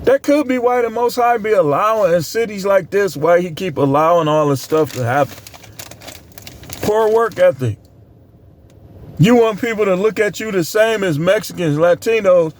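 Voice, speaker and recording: Man, middle-aged, blunt preachy vlogger, rather high voice, emphatic casual monologue. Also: slight background noise.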